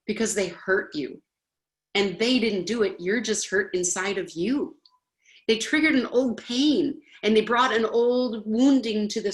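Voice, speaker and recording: A woman teaching a spoken self-help class in an earnest, coaching manner, now and then acting out indignant voices. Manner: earnest, acts out indignant voices with rising pitch.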